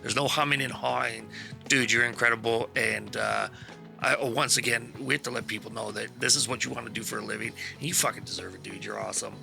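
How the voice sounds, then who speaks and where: A man's voice: medium pitch, fairly even intonation, fast, gravelly, music in the background. A man hosting a stream, chatting casually after a game session and praising his fellow players with rambling enthusiasm and casual swearing. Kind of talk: casual post-session chat.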